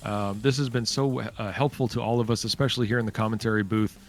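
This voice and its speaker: A man's voice: lowish voice, steady tone, quick pace, soft background music. A man commentating a live-streamed space ship race, chatty and thanking viewers by name.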